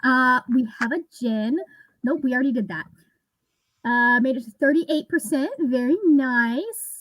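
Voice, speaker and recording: A woman in her thirties chats loosely with co-hosts during a cozy online reading session, rambling from topic to topic and laughing easily. Her voice sits a little high and sounds close and dry, with no room around it. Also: measured pace, a bit bright, dry recording, poor audio. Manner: chatty, rambling, laughs often. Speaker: booktube host. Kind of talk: casual livestream chat.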